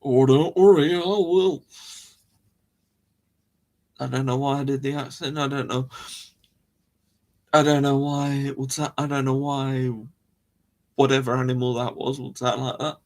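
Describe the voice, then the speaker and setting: A man's voice: medium pitch, monotone, moderate pace, long pauses. A man hosting a live chat stream, rambling casually, laughing often and restarting his sentences. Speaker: livestream host.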